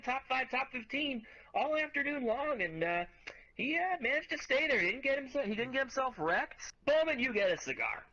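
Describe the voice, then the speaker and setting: A man's voice: extremely high pitch, bright, forceful tone, dull audio. A man co-hosting a casual sports podcast, giving enthusiastic, rambling recaps full of fillers. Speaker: co-host.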